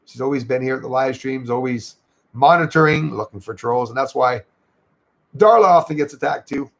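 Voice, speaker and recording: A man's voice: medium pitch, normal speed, gravelly. A Canadian man hosting a casual livestream, chatting loosely and thanking viewers by name as he reads their comments. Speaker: livestream host.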